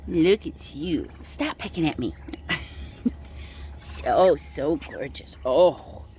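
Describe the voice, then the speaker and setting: A woman on her small farm, filming on her phone as she coos and dotes over her turkeys, slipping into soft laughs and whispers. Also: low voice, lively intonation, slow, slight background noise. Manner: cooing and doting, breaking into soft laughs and whispers. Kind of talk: casual talk to her animals on camera. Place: outdoors on a farm among poultry.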